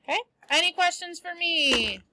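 Bright, brisk woman teacher, dry close sound, talks to her class. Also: very high-pitched, animated, no echo, rough recording. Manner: brisk, chatty, teasing. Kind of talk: reading a novel aloud to a class.

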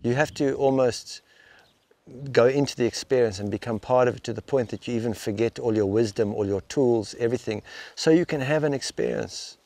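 Thoughtful man talking haltingly. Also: mid-range voice, creaky, mellow, no room sound. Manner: thoughtful, halting, with frequent restarts and repeated words. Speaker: spiritual teacher interviewed as guest. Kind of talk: reflective interview talk. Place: outdoors in the rain.

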